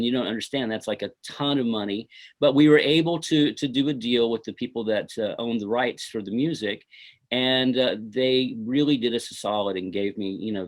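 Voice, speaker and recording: A middle-aged man, a filmmaker being interviewed, telling stories from his film shoot in a rambling way full of "you know" and "uh". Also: medium pitch. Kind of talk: casual interview storytelling.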